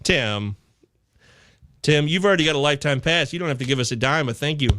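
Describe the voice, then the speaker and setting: A man hosting a live fantasy baseball chat show, reading viewer comments aloud with excitable, casually profane banter. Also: fairly high pitch, brisk. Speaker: fantasy baseball podcast host.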